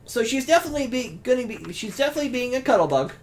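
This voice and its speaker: A man's voice: very high voice, big pitch swings, rapid-fire. Chatty man commenting on his gameplay. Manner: rambling, chatty, talks to his cat. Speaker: game streamer. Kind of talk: casual let's-play commentary.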